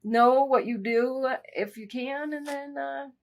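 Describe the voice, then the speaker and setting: A woman's voice: high voice, slow pace. Candid woman podcast co-host. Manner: candid, talks through stories with frequent asides. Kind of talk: casual chat.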